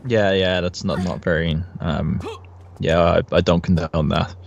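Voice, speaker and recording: Slow, dry Northern Irish man. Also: sits low, fairly even intonation, creaky, dull audio, slight background noise. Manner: dry joking, reading out chat. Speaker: co-host on a gaming stream. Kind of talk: casual gaming chat.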